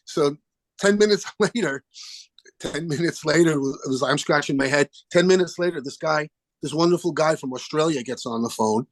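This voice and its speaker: Older New man telling lively stories. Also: fairly high pitch, brisk, dry recording. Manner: animated storyteller, acts out phone calls in quoted voices. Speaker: guest musician. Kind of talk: casual interview chat.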